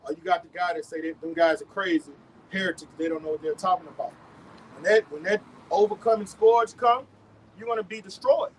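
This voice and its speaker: A man with a Southern US accent preaching outdoors on a street, forceful and emphatic, often repeating his words. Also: high voice, brisk, a little hiss or hum, rough recording.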